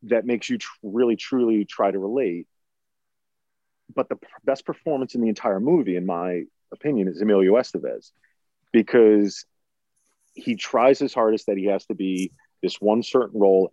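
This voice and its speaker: Podcast co-host, forties, low warm voice, dry lo-fi sound; thoughtful and long-winded. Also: male voice, normal speed, dry recording. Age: 40s. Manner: thoughtful, builds long points with restarts. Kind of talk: casual film discussion. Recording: dull lo-fi sound.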